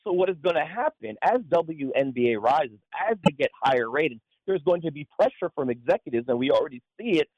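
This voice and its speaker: A man co-hosting a talk radio show, giving animated, opinionated analysis of sports and politics. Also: on the high side, a little fast, few pauses, breathy edge, no room sound, lo-fi sound.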